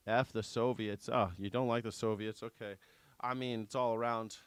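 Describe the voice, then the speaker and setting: A man's voice: medium pitch, fairly even intonation, normal speed, clear, resonant tone, dry recording. Sarcastic man hosting a live show. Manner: sarcastic, jokey, profane. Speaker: news reaction show host. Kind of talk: casual live commentary.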